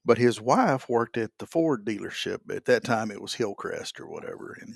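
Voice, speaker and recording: A man's voice: fairly low pitch, wildly swooping pitch, moderate pace, vocal fry, breathy edge, no room sound, studio quality. A middle-aged man co-hosting a morning show, chatting in an easygoing, wry way. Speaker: radio show co-host. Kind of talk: casual chat.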